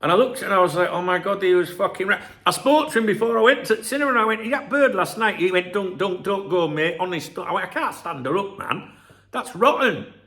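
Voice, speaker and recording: A man's voice: high voice, lively intonation, fairly quick, fairly bright tone. A middle-aged man, rambling through a profane, casual vlog monologue and telling stories with asides. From England, Scarborough. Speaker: football channel host.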